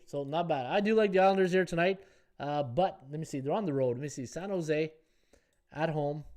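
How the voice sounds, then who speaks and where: A man hosting a sports betting live stream in a casual, thinking-aloud way. His voice sits a little high for a man. He chats his way through odds and viewer comments. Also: darkish tone. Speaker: sports betting podcast host.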